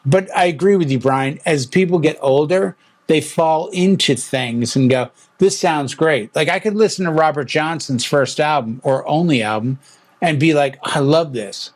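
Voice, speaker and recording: A middle-aged man chats casually as host of a music talk show. His voice sits a little high. He tells stories with energy and acts out other people's lines. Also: normal speed. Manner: animated storyteller, acts out quotes. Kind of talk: casual chat.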